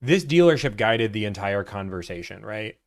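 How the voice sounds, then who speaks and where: A man's voice: on the low side, animated, normal speed. A man, hosting a livestream from his office, chatting casually and teasing the chat with sarcasm. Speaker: livestream host, car buying broker.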